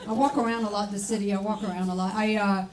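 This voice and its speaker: French lady comic doing stand-up, deadpan and sweary, echoey club, noisy crowd. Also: medium pitch, rapid-fire. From France. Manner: deadpan, sardonic, cursing. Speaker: stand-up comedian. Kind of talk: stand-up comedy set. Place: comedy club stage. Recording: echoey club, distant mic, audience noise.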